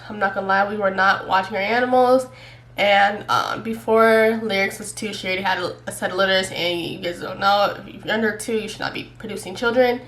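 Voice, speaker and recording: A woman YouTuber telling a casual storytime, animated and profane, laughing often. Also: on the high side. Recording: echoey room, distant mic, faint noise.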